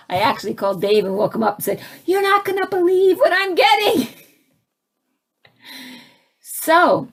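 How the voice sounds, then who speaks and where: A woman telling a personal spiritual story in a casual, animated way, imitating sounds and voices and restarting her phrases. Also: medium pitch, husky. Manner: frequent restarts, laughs between phrases. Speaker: spiritual speaker.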